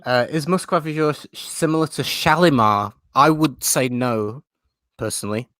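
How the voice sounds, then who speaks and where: A man's voice: mid-range voice, moderate pace, pushed and bright, dry recording, clean studio sound. A man hosting a live stream chat, talking in a chatty, self-mocking way and laughing often. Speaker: host.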